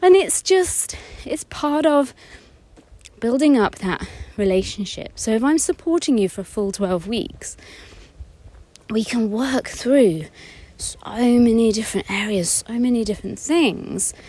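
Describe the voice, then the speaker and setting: Mellow-voiced woman therapist chatting expressively. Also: a little high, lively intonation, a little slow, low-quality recording. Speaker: fertility therapist and coach. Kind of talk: casual podcast monologue.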